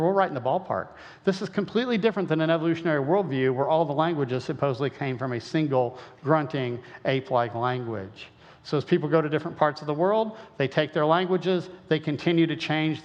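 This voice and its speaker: Man from western Illinois, folksy lecturer, slightly high voice, muffled recording with long hall reverb. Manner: folksy, conversational, asks rhetorical questions. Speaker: creationist speaker. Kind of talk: lecture-style talk.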